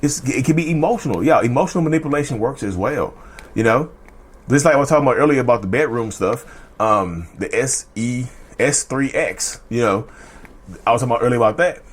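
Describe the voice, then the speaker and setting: A man's voice: mid-range voice, a little fast, breathy edge. A man hosting a casual talk video who rambles, repeats his phrases and addresses viewers as "y'all.". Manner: acts out short quoted threats in a changed voice. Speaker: mental health video host. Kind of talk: casual explanatory monologue.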